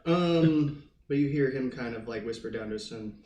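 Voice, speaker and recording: A man's voice: mid-range voice, normal speed, dark tone, echoey room. Male game master, chatty filler-heavy narration, faint hiss, distant mic.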